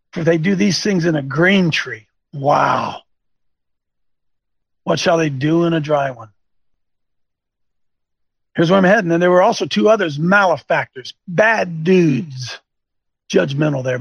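A man preaching an informal sermon, folksy and emphatic, slowing down to read scripture aloud. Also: sits high, vocal fry, husky, dry recording. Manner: folksy, colloquial, emphatic, reads scripture slowly.

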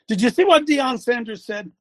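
An older man hosting a talk show as a former coach, venting and scolding his audience with bursts of shouting. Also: extremely high pitch, animated, normal speed. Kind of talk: ranting commentary.

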